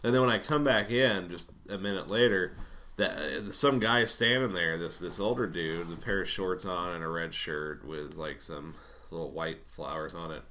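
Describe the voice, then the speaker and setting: Low-voiced guy rambling through a story, swears a lot, bright edgy tone. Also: moderate pace. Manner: rambling, swears often, laughs between lines. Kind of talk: casual storytelling.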